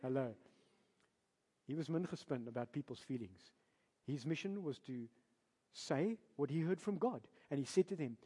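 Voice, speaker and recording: South African pastor preaching in a hall. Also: male voice, fairly high pitch, normal speed, pauses often, slightly rough. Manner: animated, emphatic, rhetorical questions to the congregation. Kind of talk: preaching a sermon. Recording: long reverb of a large hall.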